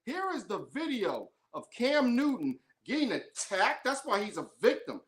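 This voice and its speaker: Female sports-show host, higher register, emphatic and fired up, solo opinion commentary. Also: very animated, normal speed. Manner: heated, ranting, emphatic.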